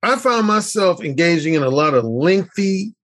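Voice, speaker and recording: A man's voice: sits high, expressive, moderate pace, a bit bright. A middle-aged man, a podcast guest, telling stories vividly and acting out the dialogue. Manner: vivid storyteller who acts out quoted dialogue. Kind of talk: storytelling in conversation.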